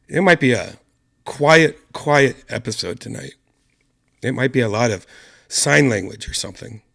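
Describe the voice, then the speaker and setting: A man hosting his own online show, hoarse from a lost voice and talking quietly and softly to spare it. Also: medium pitch. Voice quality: gravelly. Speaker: podcast host. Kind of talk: casual solo stream chat.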